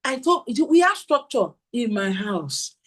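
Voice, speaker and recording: At a conference, a woman with a rather high, unhurried voice gives an animated parenting talk, asking the audience questions and acting out what parents and children say. The recording is rough.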